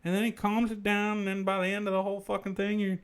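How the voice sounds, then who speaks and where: A man voicing the ghost of an effeminate Southern man with a lisp, talking in a soft drawl during a comic livestream. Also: high-pitched, monotone, quick pace, clear, resonant tone. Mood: chatty.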